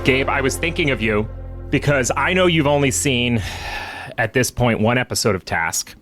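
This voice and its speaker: A man co-hosting a podcast who answers with dry, deadpan quips. His talk is casual and level. His voice sits at a middle pitch for a man. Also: normal speed, over music. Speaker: podcast co-host.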